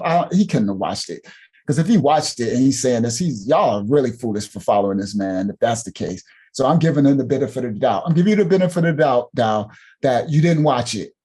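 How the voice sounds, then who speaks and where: A man's voice: medium pitch, a little mellow, husky. A man hosting a ministry channel, delivering heated, preachy commentary and repeating points for emphasis. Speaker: ministry host reacting to clips.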